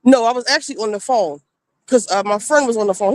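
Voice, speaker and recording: A woman's voice: fairly high pitch, fast, dry recording. Woman streamer ranting casually, blunt, does the voices, dry close sound. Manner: blunt, animated, acts out quoted people. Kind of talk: casual storytelling.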